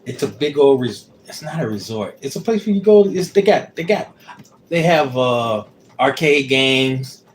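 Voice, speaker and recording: A man's voice: medium pitch, expressive, measured pace, a little hiss or hum. A man chatting casually with his wife on a livestream, rambling and searching for words with many fillers. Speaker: co-host, husband.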